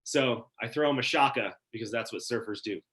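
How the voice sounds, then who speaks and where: Bright-voiced storytelling man from Wyoming. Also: medium pitch, fairly quick. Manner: casual, animated, many "like" fillers. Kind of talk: live storytelling at a story slam.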